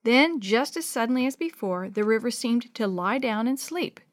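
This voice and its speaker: A woman reading a children's adventure story aloud, lively, changing her voice for each child and dropping to a hush for the whispered parts. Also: a little high, moderate pace, no echo. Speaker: storybook narrator.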